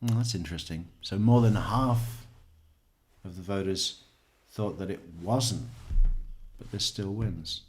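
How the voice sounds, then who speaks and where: A man chats casually on a true crime livestream from a home setup. His voice sits somewhat low, and he rambles from one thought to the next. He swears freely and laughs at himself as he talks to his viewers. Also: unhurried, darkish tone.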